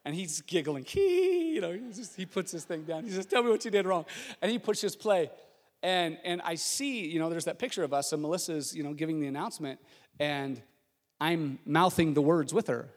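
A middle-aged man preaching a sermon as a pastor, telling a story in an animated way and acting out what people said. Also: a little high, moderate pace. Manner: storytelling, animated, acts out quotes. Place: church sanctuary. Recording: long reverb of a large hall.

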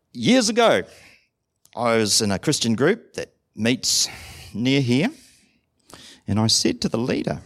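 A man's voice: medium pitch, huge pitch swings, unhurried, long pauses. A man preaching a sermon in a conversational way, asking the congregation questions and acting out short dialogues. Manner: acts out short dialogues in different voices. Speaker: pastor.

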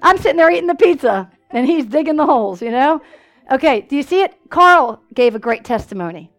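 A woman preaching a sermon in a church, telling stories with lively call-and-response asides. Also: high voice, fairly quick.

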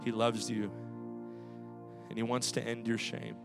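A male pastor preaching a sermon in a church, swinging rhythmically from loud to hushed. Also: mid-range voice, level tone, measured pace, vocal fry, music in the background. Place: church sanctuary.

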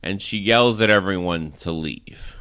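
Low-voiced man rambling through a recap. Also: measured pace, smooth, dry recording. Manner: rambling, animated plot recap with frequent "like" and laughs. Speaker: podcast host. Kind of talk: casual movie review.

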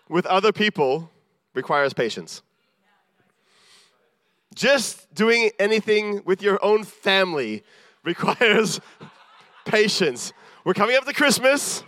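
Guy preaching, kinda high voice, earnest and self-deprecating, dry close sound. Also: sing-song, takes it slowly, long pauses, pushed and bright, no echo. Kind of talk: sermon.

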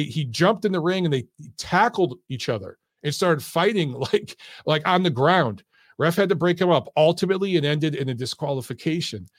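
A man hosts his own boxing talk stream, speaking casually, bluntly and with plenty of animation. His voice sits a little high for a man, and the recording is dry and close, with no room sound. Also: dry recording. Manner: blunt, animated, swears freely. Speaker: boxing commentator and channel host. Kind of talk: casual solo commentary livestream.

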